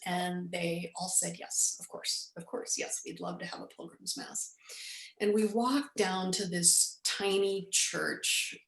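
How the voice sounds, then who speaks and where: A woman in her forties, the guest, telling a personal story with lively storytelling and acted-out quotes. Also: on the low side, echoey room, low-quality recording. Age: 40s. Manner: animated storyteller, acts out quoted speech. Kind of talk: storytelling in an interview.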